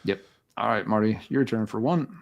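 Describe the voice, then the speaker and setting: Casual music review chat from a podcast co-host who rambles with plenty of fillers and restarts. He speaks a little fast in a lowish voice with vocal fry.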